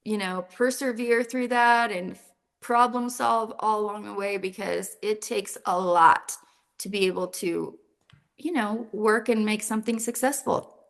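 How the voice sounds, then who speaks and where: A middle-aged woman from Utah, a psychologist guest in a casual interview, telling her story in a lively way. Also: mid-range voice, a little slow, vocal fry. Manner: lively storyteller who acts out quotes. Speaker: psychologist and clinic founder, guest.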